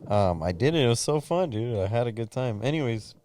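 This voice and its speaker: A man's voice: mid-range voice, expressive, brisk, mellow, no room sound. A young man co-hosting a podcast in casual chat, laid-back, laughing often and saying "dude" a lot. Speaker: podcast co-host.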